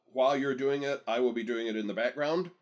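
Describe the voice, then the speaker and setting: A man narrating a screen-recorded software tutorial in a relaxed, chatty way, often telling viewers to pause and catch up. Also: medium pitch. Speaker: software instructor.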